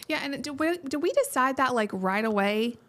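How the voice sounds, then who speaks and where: A woman from Alabama with a Southern accent, co-hosting a podcast in chatty, relaxed conversation and laughing often. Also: high voice, normal speed. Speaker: podcast co-host. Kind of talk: casual chat.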